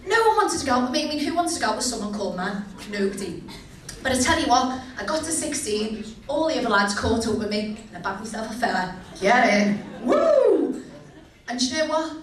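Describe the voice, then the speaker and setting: A young woman does a cheeky, chatty stand-up set at a comedy venue, asking the crowd questions. Her fairly high voice is expressive and fast, picked up by a distant mic in an echoey room.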